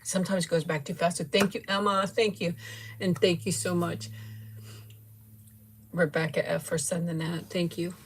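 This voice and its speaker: There's a little hiss or hum behind a middle-aged livestream host whose lowish voice is flat and moderately paced, with frequent pauses. She tastes a sweet in casual chat, giggling often as she effusively thanks viewers by name.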